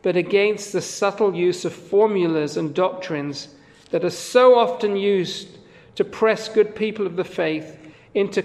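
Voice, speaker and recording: A man's voice: high voice, a little mellow, big-room sound. A man preaching a sermon as pastor, in an earnest, conversational way, with quoted readings woven in.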